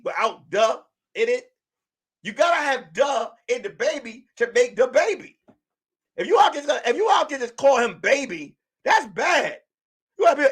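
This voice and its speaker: A man's voice: extremely high pitch, very animated, moderate pace, a bit bright, husky. A man hosting a casual livestream commentary, joking and acting out quotes in mock voices. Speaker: livestream host.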